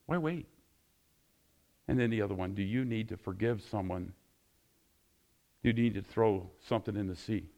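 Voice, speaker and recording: A male pastor preaching with passion, closing his sermon in prayer and getting louder and higher when excited. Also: a little fast, vocal fry, pauses often. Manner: passionate, rising loud and high when excited.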